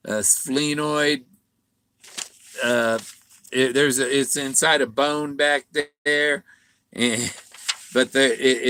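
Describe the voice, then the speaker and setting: A man's voice: mid-range voice, a bit bright, dry recording. A man rambling through a casual monologue, stumbling and repeating words, sometimes mimicking other voices. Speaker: vlogger.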